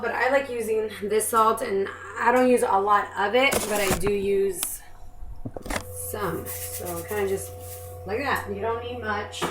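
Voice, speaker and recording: Young woman, casual self-deprecating home cook; higher voice, recorded in a noisy kitchen. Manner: chatty, self-deprecating, apologetic asides. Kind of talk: casual cooking demonstration. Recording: echoey kitchen with background noise.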